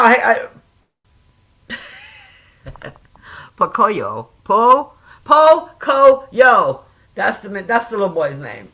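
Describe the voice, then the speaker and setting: Woman, 50s, vlogger; bright tone, salty rambling chatter. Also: lowish voice. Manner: laughs often. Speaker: reaction vlogger. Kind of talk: casual chat.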